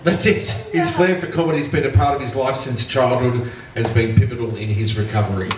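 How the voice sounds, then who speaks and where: A man's voice: medium pitch, steady tone, fairly quick. Chatty male MC in a noisy echoey hall. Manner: chatty, ad-libs between lines of the introduction. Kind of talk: introducing performers. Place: festival stage. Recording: distant mic in an echoey hall, loud noise.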